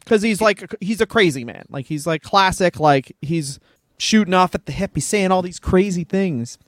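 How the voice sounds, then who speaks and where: A man, a comedian, co-hosting a podcast in fast, profane, self-mocking banter. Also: high-pitched, animated, no room sound, clean studio sound.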